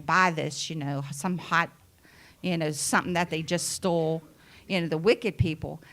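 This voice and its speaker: Woman preacher, sermon, slow and chatty, lowish bright voice. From United States. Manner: unhurried, conversational preaching with asides.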